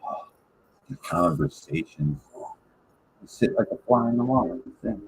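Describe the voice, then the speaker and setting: Here the host, a man from Michigan, speaks a little slowly in a lowish voice, rambling through profane, animated tales on his casual podcast. The audio is poor, with some background noise.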